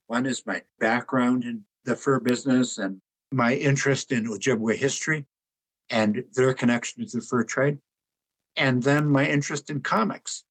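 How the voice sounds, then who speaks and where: An older man being interviewed about his book and artwork, telling relaxed anecdotes and chuckling at his own jokes. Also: mid-range voice, poor audio. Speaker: author and artist guest. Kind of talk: conversational interview storytelling.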